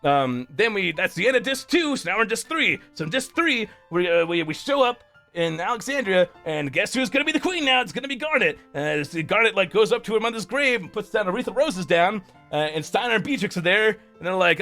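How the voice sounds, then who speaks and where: A man's voice: sits high, very animated, fairly quick, pushed and bright, soft background music. A man streaming a rambling, profane recap of a game's story, full of restarts. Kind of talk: casual game story recap.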